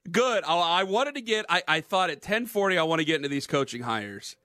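Bright-voiced sports radio host. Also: male voice, a little high, brisk, no echo, clean studio sound. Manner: animated, teasing banter.

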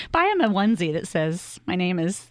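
A female radio co-host chats with her partner in a lively voice that moves around a lot. The sound is dry and close, with no room echo. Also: fairly low pitch. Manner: quick short reactions, laughs along. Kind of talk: casual chat.

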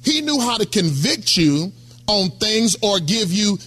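A middle-aged pastor preaches in a high, bright voice. He talks to the congregation like a friend, checking in with them again and again. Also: big pitch swings, unhurried. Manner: conversational preaching, calls out to congregation. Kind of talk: sermon.

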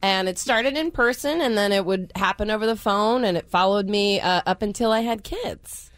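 A woman's voice: mid-range voice, moderate pace. A woman, a former radio co-host, tells stories as a guest in casual studio chat and laughs often.

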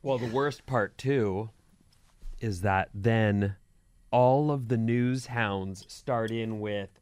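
Animated man telling stories. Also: mid-range voice, takes it slowly, smooth, no room sound. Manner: animated anecdotes, mimics others in quotes. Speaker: radio show co-host. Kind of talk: casual storytelling banter.

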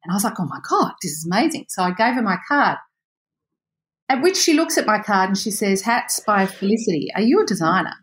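Animated woman telling a story. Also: mid-range voice, brisk. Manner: animated, acts out quoted voices, laughs often. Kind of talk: casual storytelling.

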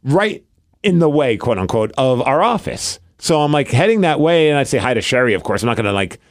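A mid-range, fairly quick male voice belongs to a podcast co-host in his forties from the US Pacific Northwest. Chatting casually, he tells a lively story and plays out the lines he's quoting.

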